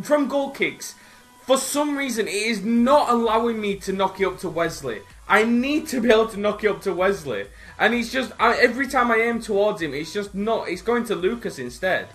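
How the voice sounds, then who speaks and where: Bright excitable gamer guy. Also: high-pitched. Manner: excitable, frustrated outbursts at the game. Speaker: gaming youtuber. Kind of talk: live gameplay commentary. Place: home room by a window.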